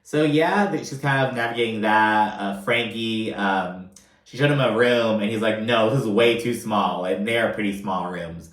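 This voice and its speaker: A man's voice: fairly low pitch, moderate pace, fairly bright tone. A man recapping a reality TV episode in casual, chatty commentary, swearing freely and filling his talk with "like" and "you know". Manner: chatty, profane, filler-heavy. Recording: roomy echo.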